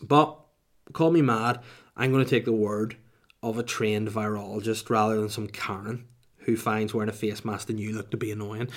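Sweary rambling Northern Irish man. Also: mid-range voice. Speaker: comedian. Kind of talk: comedic to-camera rant.

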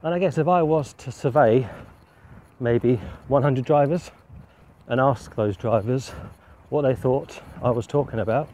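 A man preaching a walking sermon outdoors on a street, slightly out of breath, earnest and reflective in a measured way. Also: mid-range voice, dark tone.

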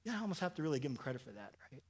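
A man's voice: fairly high pitch, very animated, rapid-fire, breathy edge. A man preaching a sermon in church, conversational and joking, often restarting and asking "right?". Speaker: pastor.

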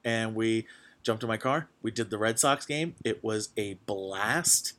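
A young man hosting a podcast, chatting casually and excitedly, with lots of fillers and restarts. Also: fairly low pitch, unhurried. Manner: rambling, full of fillers, excitable. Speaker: podcast host. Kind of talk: casual chat.

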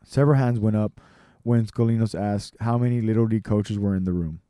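A man reading a personal story aloud, measured and with dramatic pauses. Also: fairly low pitch, warm tone, no echo, clean studio sound.

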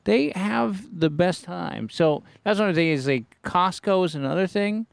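Upbeat man with a slightly high voice. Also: a little slow, vocal fry, no echo. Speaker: comedian and podcast host. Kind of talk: casual comedic chat.

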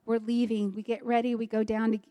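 A woman's voice: fairly high pitch, level tone, a little fast. Earnest woman telling a story in a reverberant hall. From Maryland, US. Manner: earnest storytelling, swings loud to soft. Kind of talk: personal testimony.

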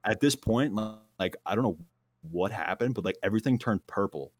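A man's voice: lowish voice, expressive, normal speed, a little mellow, slightly rough. A young man telling a long, wild story in casual chat, full of slang, fillers and laughs at himself.

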